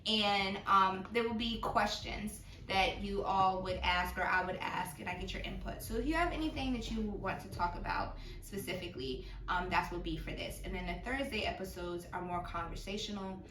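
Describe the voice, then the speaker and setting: A woman's voice: mid-range voice, moderate pace, few pauses, sharp tone, reverberant, recorded from a distance, a little hiss or hum. A woman hosting a casual podcast, laughing often and talking loosely with plenty of fillers. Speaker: podcast host.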